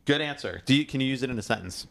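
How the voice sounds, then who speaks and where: A man's voice: mid-range voice, expressive, very fast, gravelly. Playful man hosting a podcast. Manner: playful, quizzing. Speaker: podcast host. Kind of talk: casual chat.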